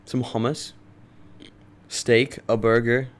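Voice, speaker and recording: Young man, podcast co-host, casual chat, slangy, laid-back, mid-pitched voice. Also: level tone, slow.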